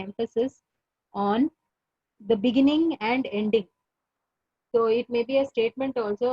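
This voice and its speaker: Husky Indian-accented woman lecturing. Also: on the high side, no echo, lo-fi sound. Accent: Indian English. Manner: repetitive, pauses with many fillers. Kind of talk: online class lecture.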